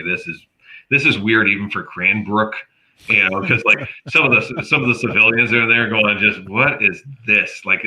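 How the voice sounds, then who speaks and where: Animated storytelling man, bright tense voice. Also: low voice. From Canada. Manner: animated, acts out quoted voices. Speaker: comedian guest. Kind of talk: casual storytelling chat. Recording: dull lo-fi audio.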